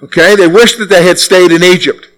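A male preacher delivers a lively sermon in a high-pitched voice. His tone is bright and crisp, and he talks with his listeners, pulling them in with rhetorical questions. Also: brisk, low-quality recording. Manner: animated, conversational, asks the listeners rhetorical questions.

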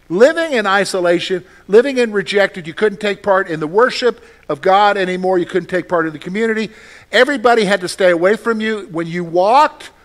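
Man pastor with a high voice, casual conversational sermon, asks the room questions. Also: a bit bright.

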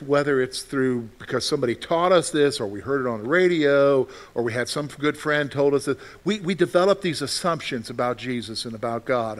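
A man delivers a sermon with a lively, expressive manner. His voice sits high and rings bright. He acts out anxious cries to God, then eases into quiet comfort. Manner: animated preaching, acting out frantic prayers then dropping to soft reassurance. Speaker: pastor.

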